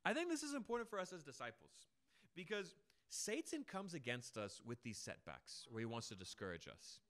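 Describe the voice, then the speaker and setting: A young man preaching a sermon, telling stories emphatically and dramatically, with big swings in loudness. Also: a little high, wildly swooping pitch, a little fast.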